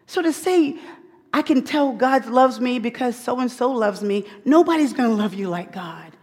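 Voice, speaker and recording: A woman's voice: on the high side, lively intonation, normal speed, husky. Emphatic woman preaching in a reverberant hall. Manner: emphatic, repeats key phrases, swings from loud to hushed. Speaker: women's Bible teacher. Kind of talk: sermon.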